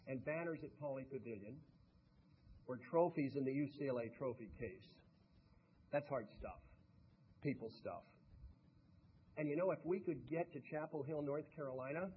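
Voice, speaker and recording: A man's voice: mid-range voice, dull audio, slight background noise. A man giving a motivational speech, telling folksy stories and talking directly to the audience. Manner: folksy storytelling, talks to the audience. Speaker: motivational speaker.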